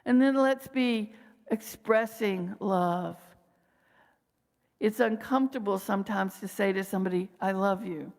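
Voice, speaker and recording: A woman minister giving a gentle sermon, slowing down to guide her listeners through pauses and breaths. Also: medium pitch, long reverb tail. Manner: gentle, slow guiding pauses with breathing cues.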